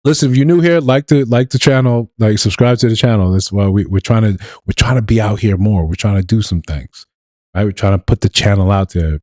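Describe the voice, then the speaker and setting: Low-voiced man chatting on a live stream. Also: fairly quick, dark tone, no echo. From New York. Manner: loose, laughing, talking to chat, frequent restarts. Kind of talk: casual live stream commentary.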